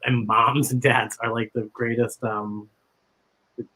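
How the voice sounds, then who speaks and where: A man guest performer in casual livestream chat, talking in an emotional, halting way with many restarts. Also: medium pitch, little pitch movement, bright, forceful tone, slightly rough, rough recording.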